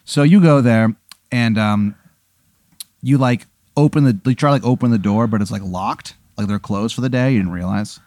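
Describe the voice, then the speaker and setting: A man's voice: fairly low pitch, moderate pace, darkish tone, no room sound. A man hosting a podcast, telling an improvised comic scenario in a loose, rambling way full of "like" and swearing. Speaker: host running an improvised scenario. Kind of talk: casual comedic storytelling.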